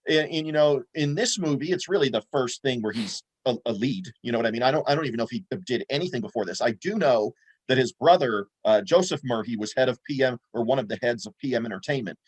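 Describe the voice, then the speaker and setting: A man's voice: medium pitch, lively intonation, fast talker, breathy edge. A man co-hosting a movie podcast, rambling casually with lots of fillers and restarts. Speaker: podcast co-host.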